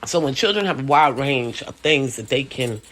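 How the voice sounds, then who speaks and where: A middle-aged woman and sales professional, chatting casually and telling a story in an animated way, with lots of "you know.". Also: rumbling low, moderate pace, slight background noise. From Hispanic and Native American heritage, US. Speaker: school speaker, sales professional.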